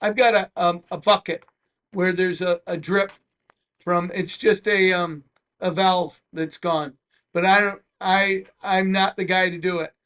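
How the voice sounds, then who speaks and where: A middle-aged man with a fairly high voice holds the floor at a civic meeting. He rambles and circles back with many restarts and folksy asides, as a mayor talking things through. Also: steady tone, measured pace, fairly bright tone, clean tone. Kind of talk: public meeting remarks.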